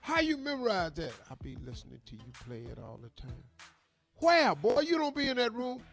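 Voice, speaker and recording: A man voicing a proud, excited father who shows off his son in a loud, high, whooping voice. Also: fairly quick, gravelly, over music, full character voice.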